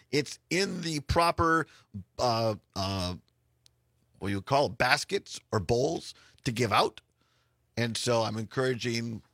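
A man hosting a talk radio show from a studio, chatting and laughing easily with a hoarse voice. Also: mid-range voice, no room sound. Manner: laughs often, warm easygoing rambling. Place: radio studio in an office building.

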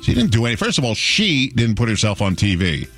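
A man's voice: lowish voice, wildly swooping pitch, a little fast, fairly bright tone, faint music behind. A middle-aged man hosting a radio show, talking in a chatty, wry way and chuckling often. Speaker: radio host. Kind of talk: casual radio talk.

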